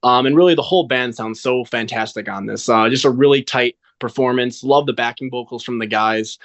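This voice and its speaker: A man's voice: medium pitch, a little fast, fairly bright tone. A man hosting a music podcast, introducing each segment in a structured way with frequent "um"s. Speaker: podcast host. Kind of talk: casual chat.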